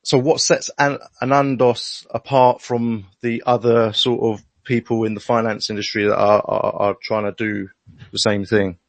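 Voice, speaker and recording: A male host rambles into his question, restarting and apologizing as he goes. His pitch is middling. The recording is dry and close. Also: level tone, moderate pace, no room sound. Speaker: show host. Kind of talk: casual live-stream interview.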